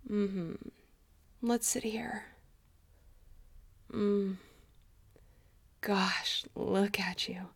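Whispered role-play: a doting, teasing middle-aged mother, as a woman plays her, cooing softly and drawing her words out very slowly. Her voice has a gravelly, fry-tinged edge, and she keeps slipping into breathy murmurs. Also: mid-range voice, fairly even intonation, full character voice. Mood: doting welcome. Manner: coos and murmurs, soft breathy asides.

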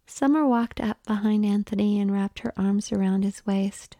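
A woman narrating an erotic story in an unhurried, hushed whisper. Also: mid-range voice, steady tone, no echo, studio quality. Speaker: audiobook narrator.

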